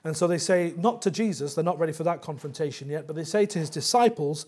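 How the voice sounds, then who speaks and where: A man's voice: a little high, animated, fast talker, darkish tone, husky. A man preaching a sermon as pastor, explaining scripture verse by verse with earnest emphasis.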